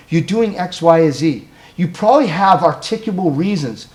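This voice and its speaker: Man with a slightly high voice giving training. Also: expressive, fast, a little mellow, slightly rough. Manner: asks the audience questions, tags points with "right?". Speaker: crisis intervention trainer. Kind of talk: live training presentation. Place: meeting with a live audience.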